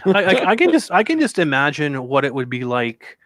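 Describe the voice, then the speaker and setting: A man hosts a loose chat, pausing on fillers between his thoughts. His pitch moves a lot from high to low. The sound is dry and close. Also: huge pitch swings, fairly bright tone, dry recording. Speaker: host. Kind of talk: casual podcast chat.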